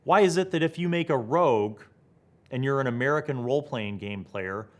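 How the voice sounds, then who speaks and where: Excited man musing to camera. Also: mid-range voice, fairly quick. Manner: excited, thinks aloud, rhetorical questions. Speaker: tabletop gaming video host. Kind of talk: animated solo talk to camera.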